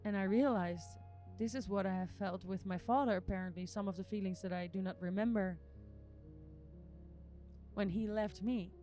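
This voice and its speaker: A woman's voice: medium pitch, normal speed, long pauses, mellow, soft background music. A woman who is not a native English speaker, hosting a podcast and talking in an earnest, emotional spiritual monologue with repeated phrases. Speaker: podcast host.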